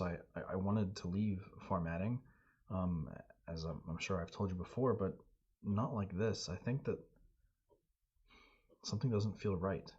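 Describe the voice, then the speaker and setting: A man's voice: low voice, darkish tone, slightly rough. A man doing an anxious young man. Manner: hesitant, repeats himself. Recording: dull lo-fi audio.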